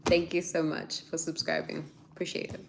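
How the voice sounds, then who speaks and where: Aussie woman in her 30s, low voice, chatty and giggly, answering comments live, bit of faint hum behind. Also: monotone, moderate pace, gravelly. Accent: Australian. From Australia. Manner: chatty, laughs often, reads out comments. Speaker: YouTuber. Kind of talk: casual live chat answering viewers.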